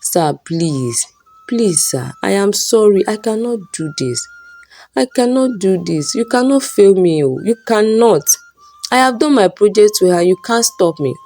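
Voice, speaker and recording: A woman's voice: mid-range voice, lively intonation, measured pace, mellow, soft background music, voice pushed up. A woman voicing an earnest young female student who pleads and explains. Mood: pleading.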